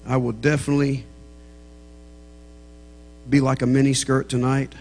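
A man with a Southern American accent and a mid-range, somewhat mellow voice preaches at normal speed with little pitch movement. As a guest speaker in a church sanctuary, he jokes with the congregation before building into fervent preaching, with long reverb echoing around him.

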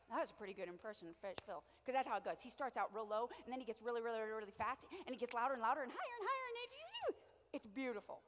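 High-voiced woman preaching in a reverberant church. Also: sing-song, very fast. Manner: swings from quiet storytelling to loud preaching. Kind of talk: sermon with storytelling.

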